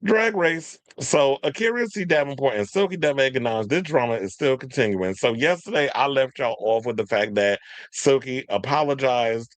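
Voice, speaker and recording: A man hosting a casual commentary show, talking in an animated way and mocking others through quick impressions. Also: mid-range voice, dry recording. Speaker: podcast host.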